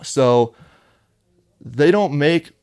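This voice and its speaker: A male rapper, guesting on a podcast, tells stories in casual conversation, blunt, heated and heavily profane. His voice is fairly high with lively intonation and drawn-out words, darkish and clean, captured at studio quality in a podcast studio with no room sound.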